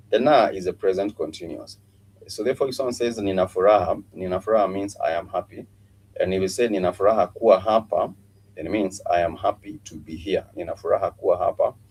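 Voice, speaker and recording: A middle-aged man with a very low voice leads a live-streamed language lesson. He speaks patiently, repeating each phrase slowly and filling pauses with many hesitations. A faint hum sits under the stream. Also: a little mellow, rough recording. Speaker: language teacher. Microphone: streaming mic.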